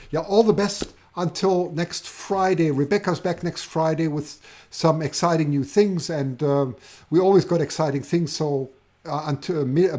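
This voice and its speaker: Enthusiastic German-accented male stream host, casual and halting. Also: medium pitch, a little mellow. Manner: enthusiastic, halting, many restarts. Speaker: host of a livestream. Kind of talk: casual live-stream chat.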